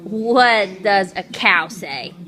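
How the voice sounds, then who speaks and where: A woman's voice: medium pitch, drawn-out words, a loud crowd. A mother playfully coaxing her young child at home with repeated questions. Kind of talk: casual home video, quizzing a toddler.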